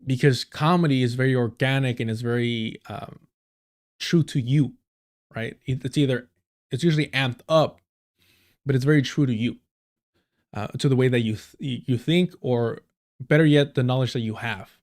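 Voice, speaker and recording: A man's voice: medium pitch, moderate pace, a little mellow. Rambling, profane male streamer. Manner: rambling, profane, many fillers. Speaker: streamer reacting to clips. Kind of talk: casual live-stream commentary.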